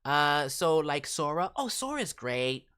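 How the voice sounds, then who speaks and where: A woman's voice: low voice, big pitch swings, slow pace, fairly bright tone, clear, resonant tone. A woman streamer chatting casually and playfully with her viewers, teasing and joking as she talks. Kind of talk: casual live-stream chat.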